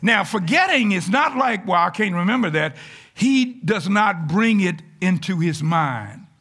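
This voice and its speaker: A man, a pastor, preaching a folksy, animated sermon to his congregation in church, sometimes rising to shouts. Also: sits high, measured pace. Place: church sanctuary.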